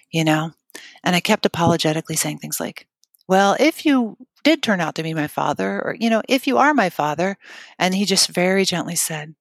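A middle-aged woman telling an emotional personal story in an interview, halting, with restarts and fillers. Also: fairly low pitch, expressive, vocal fry, no room sound, clean studio sound. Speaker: guest telling her story.

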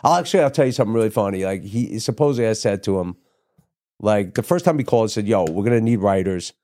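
A man's voice: on the low side, lively intonation, fast, dark tone, dry recording. A middle-aged man telling a long story in a casual interview, rambling and swearing freely as he acts out the voices of people he quotes. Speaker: guest, TV writer and producer.

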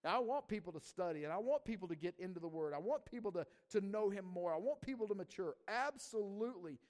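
A man's voice: high voice, lively intonation, fast talker, a little mellow. A man preaching a sermon in a casual, conversational way, often checking in with the audience and asking "right?". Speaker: pastor.

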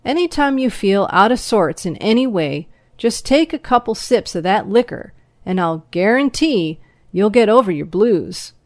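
Woman reads jovial rural moonshiner, male, loud and folksy, raised pitch, dry close read. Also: lively intonation, normal speed, no room sound, natural voice.

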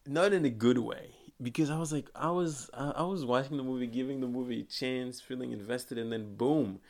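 A young podcast host chats casually and rambles, laughing often and restarting frequently. His medium-pitched voice is fairly quick and a little mellow.

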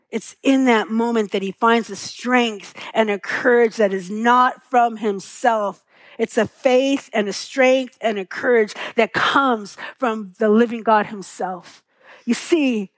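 A woman's voice: fairly high pitch, no room sound, poor audio. A middle-aged woman pastor preaching a sermon, telling stories tenderly and asking the congregation rhetorical questions.

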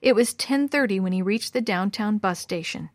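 A woman narrating a storybook in a measured, expressive way. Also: medium pitch, no room sound, clean studio sound. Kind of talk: storybook reading.

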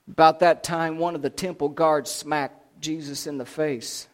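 Dramatic preacher retelling a story. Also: male voice, fairly high pitch, steady tone, unhurried, noisy background. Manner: dramatic storytelling, swings from loud to hushed. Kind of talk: sermon retelling a scripture story.

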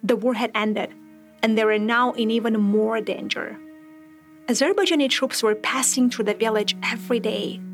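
A woman narrates a documentary podcast in a slightly high voice with a gravelly fry at the ends of her phrases. Her storytelling is measured and reflective, and soft music sits far behind her.

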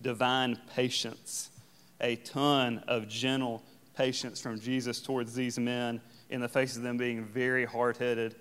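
A man preaching a sermon as pastor, reading scripture and explaining it in a relaxed, conversational way. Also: medium pitch, measured pace, smooth. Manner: conversational, paraphrases scripture in casual everyday phrasing. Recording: long hall reverb.

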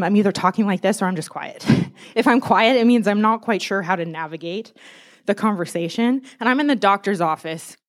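Chatty young woman giving a casual sermon. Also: mid-range voice. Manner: chatty and animated, laughs often, self-deprecating. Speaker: church speaker.

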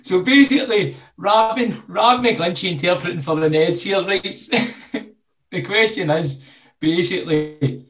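A man's voice: sits high, unhurried, a bit bright, echoey room. A man with a Scottish accent, co-hosting with laughing, joking banter. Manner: laughing, joking, says "mate" a lot. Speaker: co-host, former player. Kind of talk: casual banter.

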